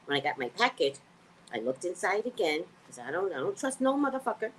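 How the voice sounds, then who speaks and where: A woman's voice: fairly low pitch, fairly quick, a little hiss or hum. A woman vlogger telling a story in a casual, profane rant, acting out the people she quotes. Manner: animated, profane, acts out quotes.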